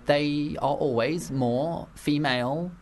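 A man hosts a relaxed radio show, chatting loosely and rambling as he goes. His sentences restart often and fill up with likes and ums. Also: a little high, slow pace, a little hiss or hum. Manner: chatty, rambling, filler-heavy. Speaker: radio host. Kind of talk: casual radio chat.

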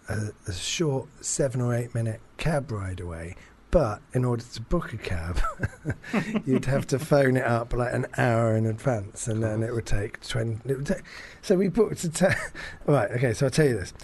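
Against slight background noise, a man from England chats casually in a mid-range, slightly mellow voice at a measured pace. He rambles anecdotally through a holiday story, full of fillers and swearing freely.

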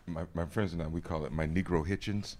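A man's voice: low-pitched, steady tone, fast talker, a little mellow, a little hiss or hum. A man from Mississippi, telling stories in a casual chat, laughing often and acting out voices. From Jackson, Mississippi, USA.

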